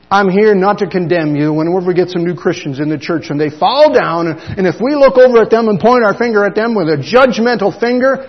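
Middle-aged preacher, lively storyteller, fairly high voice, reverberant hall, muffled recording. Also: male voice, a little fast, hardly any pauses. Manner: animated storytelling, acts out dialogue. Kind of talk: sermon. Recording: dull sound in a long-reverb hall.

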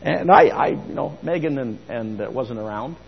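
A man preaching a sermon in church as pastor, telling stories with emphasis and bursts of loud speech. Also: medium pitch, lively intonation, normal speed, creaky, slightly rough, in a large hall, muffled recording. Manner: emphatic storyteller, rising to loud outbursts.

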